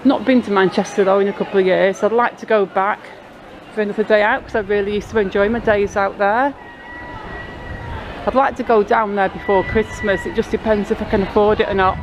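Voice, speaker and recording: A woman's voice: mid-range voice, fairly even intonation, a little fast, muffled recording. A woman vlogging outdoors with a handheld camera, rambling through a casual story. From Blackpool, England. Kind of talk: casual walking vlog narration. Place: outdoors on a busy town street. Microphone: handheld camera mic. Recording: street noise behind.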